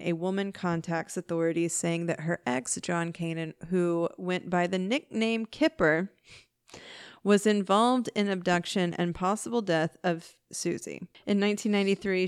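A woman's voice: on the low side, smooth, no room sound, studio quality. A woman hosting a podcast, telling a true-crime case in a casual, chatty way with wry asides and swearing. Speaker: podcast host.

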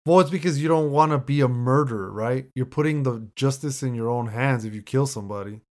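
A man's voice: medium pitch, a little fast, a little mellow. A man talking loosely about a movie in casual chat, swearing now and then.

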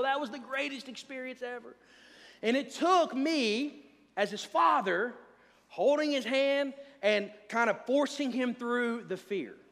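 A man in his thirties preaches to a congregation with a fairly high voice, telling stories in a loose, chatty manner. His words ring out with the long reverb of a big hall. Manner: conversational, animated storytelling with asides to the congregation. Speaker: pastor. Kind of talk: sermon with personal stories.

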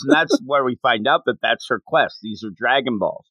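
Male podcast co-host, mid pitch, lively, dry booth sound. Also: moderate pace, creaky, hardly any pauses, breathy edge, no room sound. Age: adult. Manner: animated, laughs often, acts out quotes. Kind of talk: casual manga discussion.

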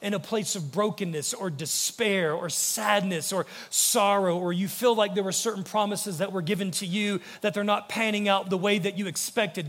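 An American man preaches from the pulpit with a fairly high voice. He speaks earnestly and lets his voice fall soft and low whenever he voices a quotation. The sanctuary gives his words a long, ringing reverb. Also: fairly even intonation, normal speed, hardly any pauses, a little hiss or hum. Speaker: pastor. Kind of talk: sermon. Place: church sanctuary.

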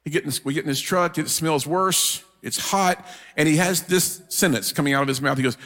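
A man tells a funny sermon story in an animated way. His voice sits a little high. It rings out in a large church hall with a long echo. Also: a little fast. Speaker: guest preacher.

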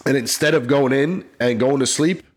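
A middle-aged man, a retired police officer, telling a personal story in an interview in an earnest, emotional, halting way. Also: mid-range voice, slightly rough.

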